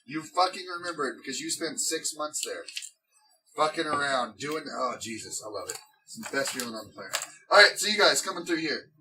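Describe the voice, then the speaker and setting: A man runs a tabletop game, his voice swinging widely as he swears and laughs his way through stories. He sits back from the mic, and there is steady noise around him. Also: on the high side, fairly quick. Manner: animated, profane, laughs often. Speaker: game master. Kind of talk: casual chat and game narration. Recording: distant mic, noisy room.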